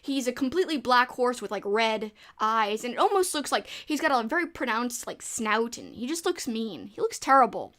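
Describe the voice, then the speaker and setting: A woman's voice: a little high, very animated, a bit bright. A woman with a New Orleans accent, hosting a casual livestream and chatting while reading viewer comments. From New Orleans, Louisiana. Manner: chatty, rambling, quick asides. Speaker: livestream host.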